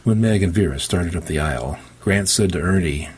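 A male audiobook narrator tells the story in the first person with a dry, wry touch. His low voice is very husky and breathy, moving at normal speed with few pauses.

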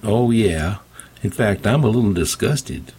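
A man playing an eager cameraman, upbeat and a bit louder than the narration. The voice is husky and breathy in a storybook reading. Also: fairly low pitch, lively intonation, a little slow, pitched above the performer's own voice, exaggerated voice.

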